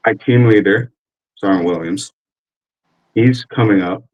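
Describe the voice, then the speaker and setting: A man's voice: lowish voice, unhurried, highs cut off. A man in his forties, an army veteran telling a casual, rambling story full of cursing and fillers. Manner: rambling, profane, with many fillers.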